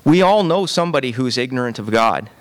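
A man's voice: medium pitch, animated, brisk. Man preaching a conversational sermon. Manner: conversational preaching, repeats words, often asks "right?". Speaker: pastor.

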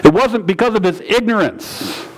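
Man preaching a sermon, emphatic, voice climbing high then sinking low and slow. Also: huge pitch swings, low-quality recording. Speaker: pastor.

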